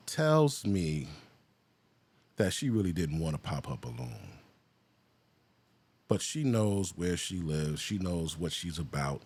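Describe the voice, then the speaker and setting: A man hosting a reaction video, giving casual, profane commentary that jumps into a high, excited voice. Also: slow pace, pauses often, breathy edge.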